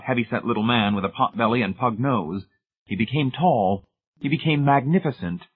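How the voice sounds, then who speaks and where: A man reading a novel aloud in a steady, measured narration. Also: fairly low pitch, slightly rough. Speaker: audiobook narrator. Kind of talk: scripted narration. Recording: tinny phone-like sound.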